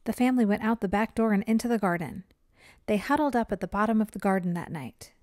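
Storybook reader, woman, expressive; dry close sound. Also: medium pitch, quick pace, no room sound. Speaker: read-aloud narrator. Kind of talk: children's storybook reading.

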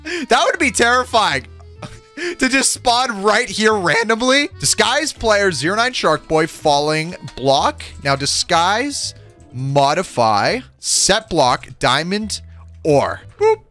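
A young man giving excited, giggly commentary over his gameplay, exclaiming often. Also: sits high, slow pace, soft background music. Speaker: gaming video creator.

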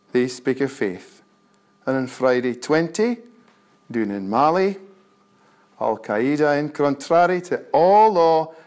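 A man with a North-East Scots accent reciting his poetry in a measured, deliberate way. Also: fairly high pitch, darkish tone. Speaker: poet.

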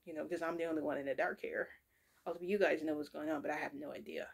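Her low, husky, creaky voice stays steady as she talks fast. She rambles chattily through a lengthy story, packed with fillers, asides and self-corrections.

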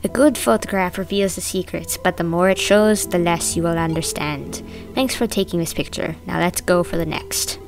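A woman voicing a refined male art gallery owner, reading his game lines in a solemn, measured way with a gravelly edge. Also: on the low side, music in the background, natural voice.

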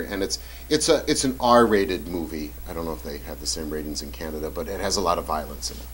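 A man's voice: lowish voice, a little hiss or hum, low-quality recording. A middle-aged man giving a conversational, joking lecture to a church audience. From United States. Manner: conversational, joking, with quoted asides. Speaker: guest lecturer.

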